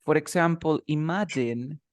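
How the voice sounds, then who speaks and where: A man's voice: a little high, normal speed, no room sound. A man teaching English one-to-one online, patiently repeating example phrases.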